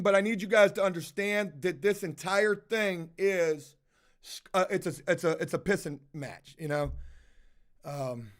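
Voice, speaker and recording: A man's voice: sits high, fairly bright tone. A man telling a heated, profanity-heavy story in a casual monologue with lots of emphasis.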